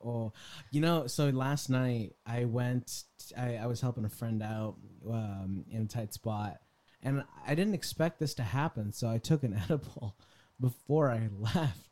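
Young man podcast co-host, middle pitch, relaxed and quick to laugh. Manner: easygoing, laughs often, trails off mid-sentence. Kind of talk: casual chat.

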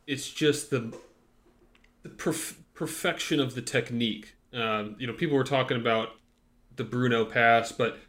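A man's voice: medium pitch, a little slow, a bit bright. A man co-hosting a casual football podcast, talking bluntly and jokily with lots of restarts and fillers. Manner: blunt, rambling, jokey, full of fillers and restarts. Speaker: podcast co-host.

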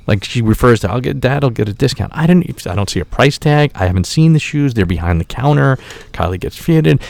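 A man's voice: medium pitch, a little fast, creaky, dry recording. A man telling a rambling, profane story on a podcast in a casual tone, acting out the people he quotes. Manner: profane, animated, acts out quotes. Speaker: podcast host.

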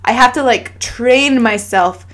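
A woman co-hosting a podcast, chatty and reflective, thinking out loud with lots of fillers. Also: a little high, unhurried. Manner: chatty, reflective, talks through her thoughts with fillers. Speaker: podcast co-host. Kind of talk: casual chat.

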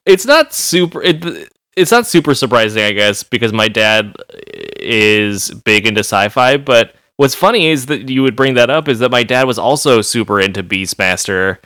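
A man's voice: mid-range voice, expressive, normal speed, sharp tone, dry recording. A man chatting casually on a podcast, rambling through stories and laughing often. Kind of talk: casual chat.

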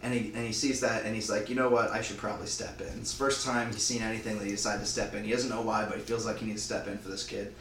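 A man's voice: lowish voice, level tone, fairly bright tone, reverberant, recorded from a distance, low-quality recording. Rambling man telling a story. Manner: rambling, acts out lines in quick voices. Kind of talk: casual retelling of a made-up movie plot.

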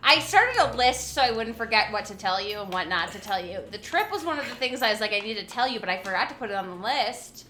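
A woman's voice: mid-range voice, animated, quick pace, hardly any pauses, bright, forceful tone, echoey room, a little hiss or hum. A woman co-hosting a podcast, chatting casually and animatedly, acting out quotes and swearing as she tells a story. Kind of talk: casual chat.

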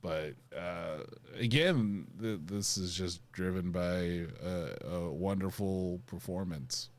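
A man's voice: sits low, slow pace. A man co-hosting a podcast, chatting about a TV episode with laid-back, short, dry remarks. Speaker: podcast co-host. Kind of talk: casual chat reviewing a TV episode.

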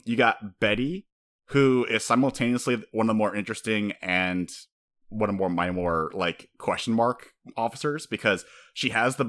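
Excitable, foul-mouthed man chatting casually. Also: on the low side. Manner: excitable, swears a lot, acts out characters. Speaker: podcast co-host. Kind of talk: casual chat.

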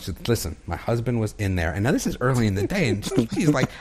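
A man's voice: mid-range voice, very animated, fast talker. A man on a casual podcast telling a story with lots of energy, acting out the voices of the people in it and laughing often.

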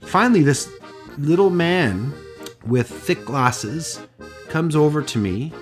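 Canadian guy hosting a podcast, animated story, laughs at himself, bit of music in the back. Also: a little high, slow. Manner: animated, self-deprecating storyteller. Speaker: podcast host. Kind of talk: casual storytelling chat.

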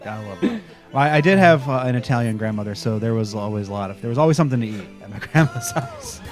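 A man hosting a casual chat recapping a TV episode, joking and slipping into quick character impressions. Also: mid-range voice, animated, music in the background.

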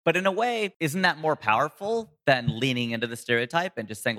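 A comedian and voice actor in a casual interview, telling stories with sudden jumps in pitch for emphasis. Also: male voice, expressive, fairly quick, hardly any pauses, pushed and bright, big-room sound.

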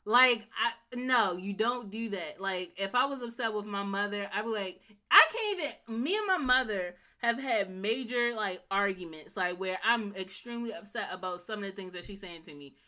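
A woman co-hosting a casual show recap, emphatic and animated, often acting out the scenes. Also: mid-range voice, normal speed, hardly any pauses. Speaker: podcast co-host.

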